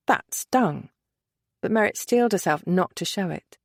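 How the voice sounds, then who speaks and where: A woman reading a romance novel aloud, her voice moving expressively up and down. She keeps a measured pace, and the recording is dry and close. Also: medium pitch, animated, dry recording. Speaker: audiobook narrator. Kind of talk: scripted romance narration.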